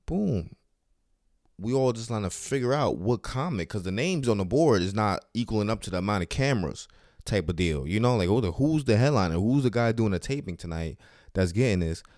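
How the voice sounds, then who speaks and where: A man's voice: low-pitched, a little mellow, no room sound, clean studio sound. A man who does stand-up comedy, hosting his own podcast and telling casual, profane, slang-filled stories about his week. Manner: loose, profane, slang-heavy storytelling. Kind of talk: casual solo storytelling podcast. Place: New York City.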